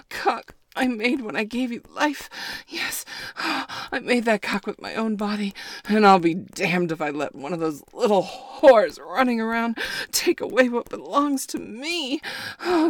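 A woman voicing a breathy, possessive adult woman. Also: fairly high pitch, dry recording, exaggerated voice. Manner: breathy, moaning, partly whispered. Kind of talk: adult audio role-play.

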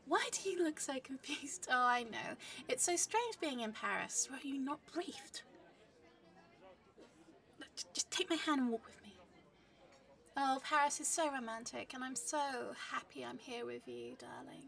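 A woman doing a comedic spy role-play monologue, flustered, swinging between loud romantic gushing and hushed whispers. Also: sits high, a little slow, gravelly, recorded from a distance. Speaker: narrator playing a spy to the listener.

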